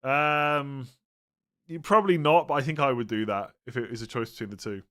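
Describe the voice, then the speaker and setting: A man's voice: mid-range voice, brisk, sharp tone. A man hosting a casual live stream, answering viewer questions in a chatty, rambling way, sounding tired and often breaking off mid-sentence. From England. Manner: chatty, rambling, self-interrupting, tired and yawning.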